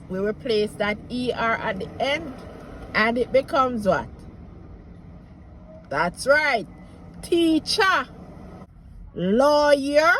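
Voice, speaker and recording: Slow-talking Jamaican woman teaching words. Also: high-pitched, fairly bright tone, a little hiss or hum, poor audio. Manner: slow, drawn-out model words with playful asides. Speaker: language teacher. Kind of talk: casual lesson to camera.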